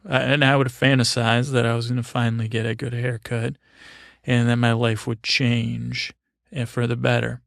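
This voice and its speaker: Gravelly man telling a rambling story. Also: medium pitch, little pitch movement, a bit bright, no echo, studio quality. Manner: halting and meandering, with many fillers and restarts; wry and self-deprecating.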